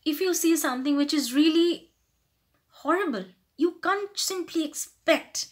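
A lifestyle vlogger with a high-pitched voice talks a little slowly as she gives casual advice to the camera. She earnestly explains and acts out polite and rude phrases.

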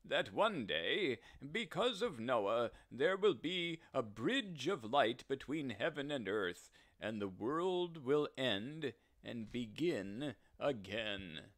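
A man's voice: mid-range voice, sing-song, takes it slowly, few pauses, fairly bright tone, no room sound. A man voicing a very old, wise great-grandfather who speaks in a raised, prophetic way.

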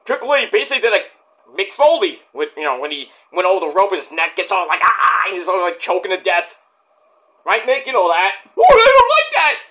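Bright lively-voiced man reviewing wrestling. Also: high-pitched, a little fast. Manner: rambling, profane, jokey. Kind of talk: casual review monologue.

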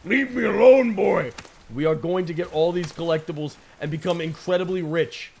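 A man's voice: on the high side, moderate pace. A young man commentating his gameplay, joking and talking to the characters on screen. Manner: jokey, excitable, talks to the game. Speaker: gaming YouTuber. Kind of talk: playthrough commentary. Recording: game music behind voice.

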